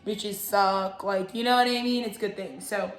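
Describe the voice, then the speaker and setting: A woman's voice: mid-range voice, normal speed. Profane, rambling woman in an echoey room. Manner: profane, animated, jokey asides. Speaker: tarot reader and channel host. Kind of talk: casual rambling monologue.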